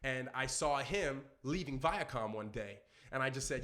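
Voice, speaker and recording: A young man from Brooklyn, a guest on a podcast, telling stories in an animated, excitable way and acting out the people in them. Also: mid-range voice, brisk, few pauses. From Brooklyn, New York. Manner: excitable, acts out the people in his stories, bursts into shouts. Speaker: podcast guest, children's entertainer. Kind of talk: animated storytelling in casual chat.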